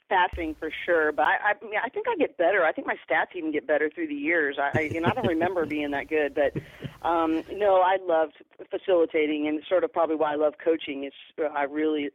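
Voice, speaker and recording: A woman's voice: low voice, no room sound. A woman basketball coach, a podcast guest, telling stories earnestly and often restarting her sentences. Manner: earnest, repeats words when starting sentences. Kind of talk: storytelling interview answers. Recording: tinny phone line, dry.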